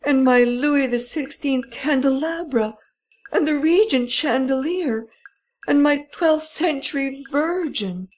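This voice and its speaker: Woman doing a frantic, shrill male baron. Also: sing-song, takes it slowly, darkish tone, exaggerated voice, rough recording. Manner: fretful, rising to frantic cries. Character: anxious, panicky wealthy male baron.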